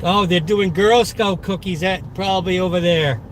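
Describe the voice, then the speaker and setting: A man with a thick Boston accent chats away to his stream from the driver's seat, boastful and upbeat. His voice sits high for a man. Road and engine noise rumble clearly behind him. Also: fairly even intonation, moderate pace. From Massachusetts. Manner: chatty, talks to viewers in chat, upbeat and boastful. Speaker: delivery driver streaming live. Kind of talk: casual live-stream chat while driving. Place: inside a car in the city. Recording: noisy car interior. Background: car and road noise.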